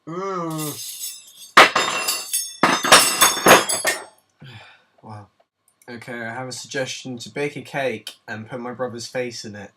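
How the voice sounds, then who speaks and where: A young man hosting his own vlog at home in a goofy, self-mocking, excitable way. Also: medium pitch, moderate pace, far from the mic, heavy background noise. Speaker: vlogger host. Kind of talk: jokey casual vlog.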